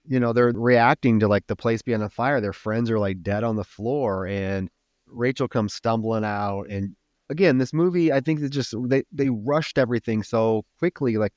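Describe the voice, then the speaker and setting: A man's voice: on the low side, dry recording, studio quality. Man animatedly recapping a film. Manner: animated, profane retelling of plot. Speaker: podcast co-host.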